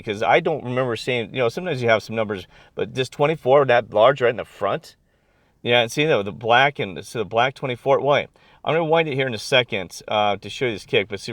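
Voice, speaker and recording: A middle-aged man talking off the cuff, rambling from one thought to the next with plenty of ums and restarts. His voice sits at an ordinary pitch. The room sounds dry and close. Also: no echo. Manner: rambling, excitable, many fillers and restarts. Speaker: video blogger. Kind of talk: casual chat.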